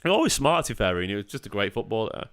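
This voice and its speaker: A man's voice: fairly low pitch, sing-song, racing, fairly bright tone. A man in his thirties hosting a live football watchalong, chatting casually, reacting to the match and answering chat messages while tired and yawning. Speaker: fan channel host.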